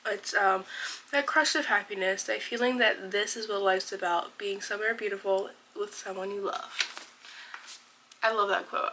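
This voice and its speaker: A woman's voice: mid-range voice, sharp tone, a little hiss or hum, low-quality recording. A woman in her twenties talking casually in a reading vlog, chatty and gushing with many fillers. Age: 20s. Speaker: book vlogger.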